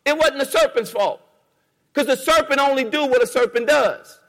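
A man's voice: very high-pitched, normal speed, a bit bright, big-room sound. A man preaching a sermon in a church, rhythmic and repetitive, calling on the congregation to respond. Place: church sanctuary.

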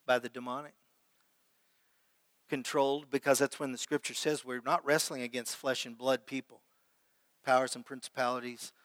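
A man's voice: mid-range voice, a bit bright. A man preaching a sermon as pastor, talking conversationally and putting questions to his congregation. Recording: long hall reverb.

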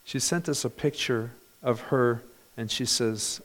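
A male pastor preaching a sermon in a church, animated, with bursts of loud emphasis. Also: mid-range voice, measured pace.

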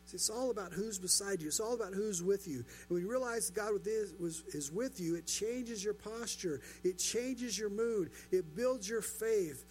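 A man's voice: high-pitched, moderate pace, few pauses, a little mellow, slight background noise. A pastor preaching a sermon, building his points through rhetorical questions and repetition.

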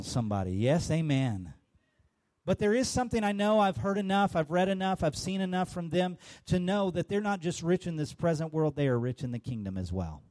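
A male pastor preaching a sermon with call-and-response and bursts of shouting. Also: on the high side.

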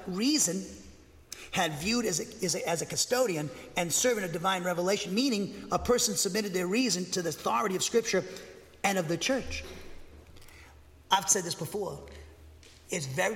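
Brief: male pastor, high voice, emphatic dogmatic sermon delivery, long hall reverb. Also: a little hiss or hum. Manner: emphatic, bangs the pulpit, excitable; dogmatic, speaks with conviction. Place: church.

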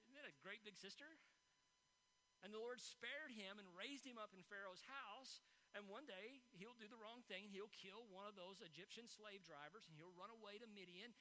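A man's voice: sits high, pushed and bright, a little hiss or hum, rough recording. A man preaching a sermon, retelling scripture as a story, often repeating words as he builds up and asking his listeners rhetorical questions. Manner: asks the congregation rhetorical questions. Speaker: pastor.

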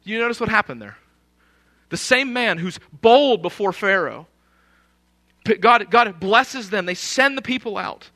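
A man's voice: high-pitched, lively intonation, a little slow, sharp tone. A man preaching a sermon in an emphatic, conversational way, often posing rhetorical questions.

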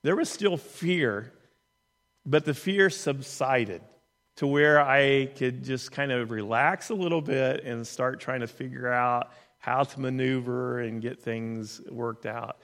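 A man's voice: medium pitch, takes it slowly, fairly bright tone. A man telling a personal story in an earnest, conversational way, often restarting his sentences. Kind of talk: storytelling in a talk. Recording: long hall reverb.

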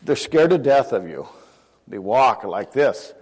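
A man's voice: mid-range voice, sing-song, a little slow, a little mellow, slightly rough. An older man preaching a sermon in a conversational way, asking his listeners questions and chuckling often. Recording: long hall reverb.

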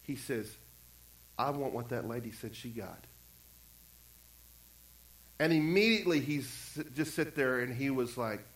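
A man's voice: medium pitch, unhurried, pauses often. Man preaching in an echoey church. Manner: conversational preaching, acts out quotes, repeats phrases. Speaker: pastor. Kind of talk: sermon.

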